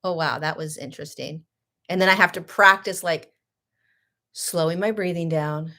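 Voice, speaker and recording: Woman host, casual storytelling, lowish pitch, animated, laughing, sarcastic. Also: normal speed. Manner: animated, laughing, swings between loud and hushed; frequent 'like' and restarts, sarcastic. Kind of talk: casual spiritual talk, personal storytelling.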